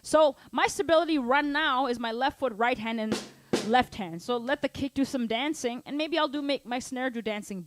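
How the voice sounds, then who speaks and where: A woman's voice: high-pitched, no room sound. Chatty, encouraging woman drum teacher. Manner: encouraging, chatty, many "like" fillers. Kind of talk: live online drum lesson.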